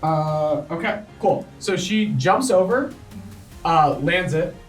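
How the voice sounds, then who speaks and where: A man narrating a tabletop game as game master, in a brisk, easygoing way with many fillers. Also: a little high, faint music behind. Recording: echoey room, far from mic.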